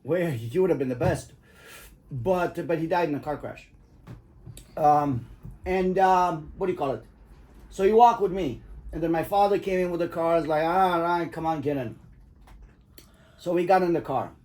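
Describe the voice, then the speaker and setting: A man's voice: fairly high pitch, moderate pace, pauses often, darkish tone. A middle-aged man casually telling his kids stories, rambling and swearing and laughing at his own tales. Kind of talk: casual storytelling.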